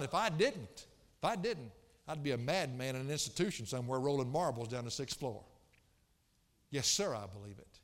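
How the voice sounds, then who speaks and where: A man's voice: mid-range voice, animated, a little fast. Fervent preacher man in an echoey hall. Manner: fervent, rising to near shouts on key phrases. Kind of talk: sermon.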